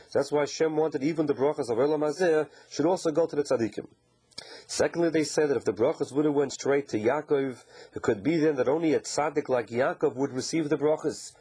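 A man's voice: on the high side, dark tone, breathy edge, rough recording. A man giving an informal Torah lesson, posing questions and then answering them in a conversational, explaining way. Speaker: Torah teacher.

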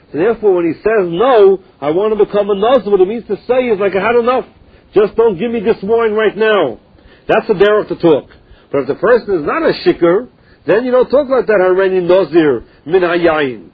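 Guy giving a talmud class, highish husky voice, kinda muffled lo-fi recording. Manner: mixes Aramaic and Hebrew terms into English, explaining in a chanting study rhythm. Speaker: Talmud teacher. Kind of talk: Talmud lesson, translating and explaining. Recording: dull lo-fi recording.

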